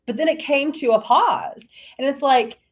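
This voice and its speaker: Animated woman telling a spiritual story. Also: high-pitched, moderate pace. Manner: animated storytelling, acting out her talks with God in shifting voices. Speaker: spiritual talk host. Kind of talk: casual spiritual talk to a live audience. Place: at home, indoors.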